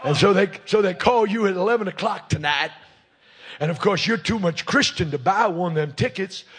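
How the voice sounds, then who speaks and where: A man preaching a fiery revival sermon at a crusade meeting, shouting, punchy and joking with the congregation. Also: high voice, moderate pace, husky.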